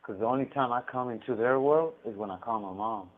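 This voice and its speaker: A man's voice: mid-range voice, a little fast. A man telling stories over a prison phone call, profane and rambling with frequent restarts. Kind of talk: casual storytelling on a phone call. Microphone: prison payphone handset. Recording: tinny prison phone line.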